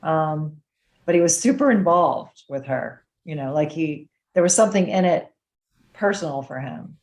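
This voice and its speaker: A woman's voice: low-pitched, lively intonation, moderate pace, darkish tone. A woman co-hosting a live podcast, talking casually and hesitantly, restarting her sentences. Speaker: podcast co-host. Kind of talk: casual live-stream chat.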